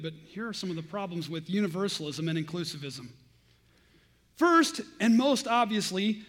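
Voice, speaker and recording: A man with a strikingly high voice preaches in an earnest, pointed way, citing scripture by chapter and verse. His teaching sounds firm and deliberate. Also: a bit bright. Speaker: Christian preacher. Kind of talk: critical sermon-style teaching.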